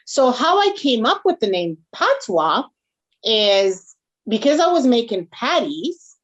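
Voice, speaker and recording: A woman's voice: a little high, big pitch swings, takes it slowly. A woman from a Caribbean background tells her story in a casual interview. She keeps checking in with "right?" and "you got it" as she goes. The recording is slightly dull and lo-fi. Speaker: guest, small food business owner.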